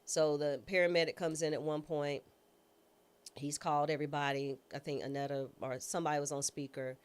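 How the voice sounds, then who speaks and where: A woman's voice: low voice, little pitch movement, brisk, clear, resonant tone. A woman guest, a former judge and trial attorney, telling a personal story in an interview. She speaks casually and acts out the voices of people she quotes. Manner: casual, informal speech.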